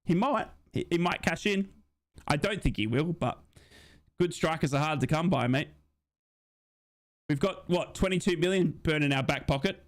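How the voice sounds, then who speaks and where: During a football watch-along stream, a man commentates with plenty of excitement, his voice leaping upward in the big moments. He also reads viewers' comments aloud and replies to them.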